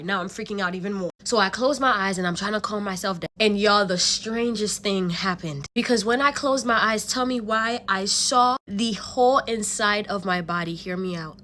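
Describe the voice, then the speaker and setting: A young woman telling a storytime vlog in an animated, slangy way, with swearing and laughter. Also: mid-range voice, a little fast, few pauses, a little hiss or hum. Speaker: vlogger.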